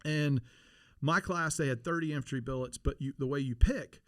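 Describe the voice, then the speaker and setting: A middle-aged man telling stories in a casual interview, animated and laughing, with many restarts. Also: a little high, normal speed, no room sound, studio quality. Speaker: podcast guest, former Navy SEAL.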